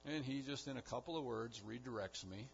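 A man's voice: medium pitch, brisk, gravelly, a little hiss or hum. A man preaching a sermon, building emphasis with repeated phrases. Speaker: pastor. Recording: dull lo-fi recording.

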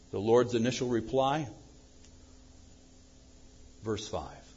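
A man preaching a sermon as pastor, swinging from loud acted-out prayers to low, quiet asides. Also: moderate pace, breathy edge, dull audio. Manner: animated preaching, acting out prayers loudly then dropping low.

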